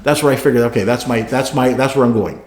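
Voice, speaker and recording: Animated man telling a garage racing story. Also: mid-range voice, fast talker. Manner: animated, acts out radio calls, laughs often, says "right?". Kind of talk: casual storytelling. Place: garage studio. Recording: roomy echo.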